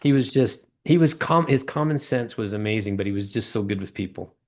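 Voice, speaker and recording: A middle-aged man tells stories as a guest in an interview, his voice sitting low. He acts out the people in his anecdotes with lively jumps in pitch, and he often goes back and restarts a phrase as he talks. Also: brisk. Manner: animated storyteller acting out quoted voices. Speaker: guest, former ladder company owner. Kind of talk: storytelling interview talk.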